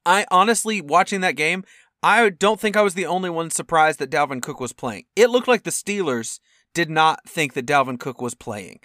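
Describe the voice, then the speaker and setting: A young man co-hosting a football podcast in casual chat, animated and acting out quotes with sudden loud outbursts. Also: on the high side, moderate pace, dry recording, clean studio sound. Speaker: podcast co-host.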